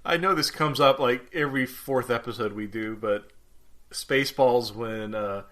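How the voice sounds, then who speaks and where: A man's voice: mid-range voice, moderate pace. A man in his forties co-hosting a podcast, telling stories in casual chat and acting out the quotes. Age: 40s. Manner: animated storyteller, acts out quotes. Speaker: podcast co-host.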